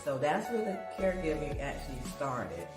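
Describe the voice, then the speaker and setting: A woman guest telling her own caregiving story in conversation, animated, acting out dialogue and laughing as she goes. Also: low-pitched, moderate pace. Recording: roomy sound with music behind.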